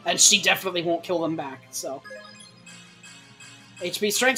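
Chatty giggly woman gaming w a friend, game music low behind. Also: moderate pace, pauses often, sharp tone. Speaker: gamer. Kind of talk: casual let's play chat.

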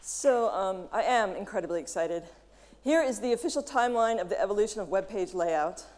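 Animated woman speaking in a hall. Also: mid-range voice, a little fast, a faint crowd, a little hiss or hum. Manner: animated, playful, quotes others in mock voices. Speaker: conference speaker. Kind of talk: conference talk. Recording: long hall reverb.

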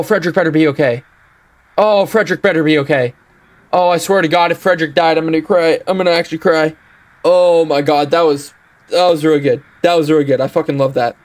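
High-voiced young man swearing through a horror game. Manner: swears a lot, panicky outbursts; upbeat sign-off asking for support. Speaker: gaming YouTuber. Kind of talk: horror game let's play commentary.

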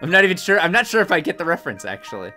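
A young man streaming a game from home on a desk mic, chatty and goofy, his pitch swinging widely as he reacts to viewers. Game music plays clearly under his voice. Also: very animated, racing, bright, forceful tone. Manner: chatty, goofy, reads out chat messages. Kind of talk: casual live-stream chat.

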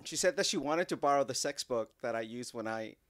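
A middle-aged man from Mexico, co-hosting a casual podcast with his daughter, playful and quick to laugh. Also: mid-range voice, animated, fairly bright tone, dry recording, clean studio sound. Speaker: podcast co-host, father. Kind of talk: casual chat.

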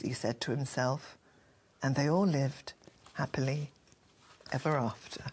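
A woman's voice: rumbling low, fairly even intonation, a little slow, pauses often, darkish tone, slightly rough. A woman reading a crude comic story aloud in a mock-innocent storybook manner.

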